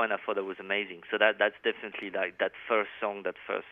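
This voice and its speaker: A man's voice: fairly low pitch, level tone, quick pace, no room sound. French-accented man on a tinny phone line. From France. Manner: rambling, many fillers and restarts, laughs easily. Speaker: touring metal musician, interview guest. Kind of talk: casual interview chat.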